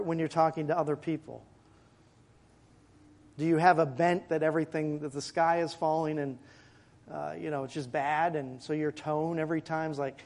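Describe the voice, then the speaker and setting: A pastor preaches to his congregation in a church sanctuary, speaking conversationally with asides and quick jokes. His voice is on the high side.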